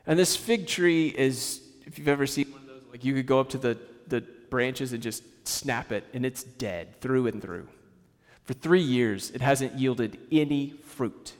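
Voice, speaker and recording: A man's voice: mid-range voice, a little slow, big-room sound. A man preaching a sermon in a conversational way, with casual asides and rhetorical questions to the congregation.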